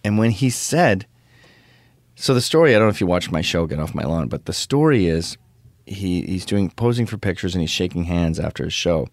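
A man's voice: low voice, lively intonation, moderate pace, no room sound. A middle-aged man hosting his own show, telling crude stories in a ranting casual monologue. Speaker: show host.

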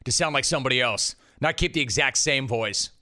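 Bright, wisecracking male radio host. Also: mid-range voice. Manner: wisecracking, fast banter. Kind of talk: sports talk radio.

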